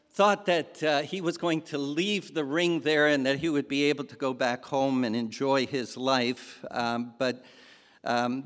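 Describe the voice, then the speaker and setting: A man preaching a sermon, telling a story in a halting way and acting out the quoted lines. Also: medium pitch. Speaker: pastor. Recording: long hall reverb.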